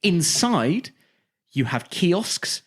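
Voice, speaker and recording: Animated man pitching wild ideas. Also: extremely slow, husky. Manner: animated, jokey, pitches wild ideas with mock-salesman bravado. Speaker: podcast co-host. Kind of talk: casual comedic chat.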